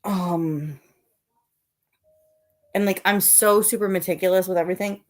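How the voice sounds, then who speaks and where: A woman's voice: fairly low pitch, steady tone, measured pace. A middle-aged woman from the Northeast United States hosting a casual live stream, chatty and rambling as she reads the chat, sounding tired. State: tired, yawning. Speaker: livestream host.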